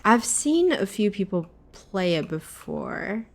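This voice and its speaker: A woman's voice: mid-range voice, very animated, takes it slowly. A woman game streamer reading a game aloud and chatting casually with viewers, often correcting herself. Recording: clear background music.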